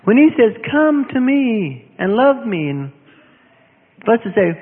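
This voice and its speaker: A man preaches with a high, lively voice that climbs and falls, a little husky at the edges. He sounds earnest and searching, repeating phrases and sinking to near-hushed tones. The sound is thin and phone-like, with a long hall reverb trailing behind. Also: unhurried. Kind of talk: sermon.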